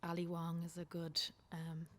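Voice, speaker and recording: A young adult woman with a Dublin accent, a stand-up comedian chatting casually as a podcast guest, lively and quick with frank asides. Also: fairly low pitch. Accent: Irish, Dublin. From Ireland. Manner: lively, swearing, quick asides, laughs easily. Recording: long hall reverb.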